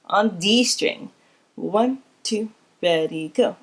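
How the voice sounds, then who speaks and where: A woman's voice: mid-range voice, slow, soft background music. Woman teaching a string lesson. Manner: encouraging, counts students in. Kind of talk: instrument lesson. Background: instrument playing.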